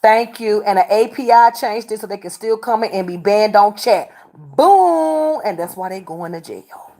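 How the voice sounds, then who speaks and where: A combative woman on a livestream, calling out her chat again and again. She scolds and repeats herself, with an everyday pitch that sits in the middle of the range. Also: steady tone, moderate pace, warm tone. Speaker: livestreamer doing readings. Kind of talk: confrontational livestream talk to chat.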